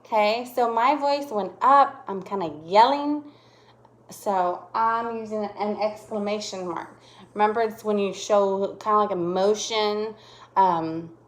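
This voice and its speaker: A young woman with a slightly high voice, teaching a lesson to small children. She is patient and checks in constantly, and she stretches her intonation up and down to demonstrate. She talks warmly and simply, as a teacher to young learners. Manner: patient, checks in often with "okay?".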